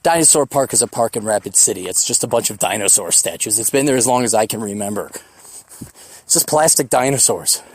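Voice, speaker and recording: With a lowish, expressive voice, a man in his forties rambles through his solo podcast, cursing and reflecting as he goes. He often mocks others by putting on quick impressions.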